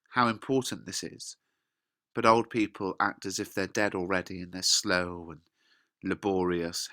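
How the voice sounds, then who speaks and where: A British man teaching, reading quoted lines with lively emphasis and then explaining them in casual words. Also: on the low side, no room sound, clean studio sound. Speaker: English teacher. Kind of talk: explaining a play line by line.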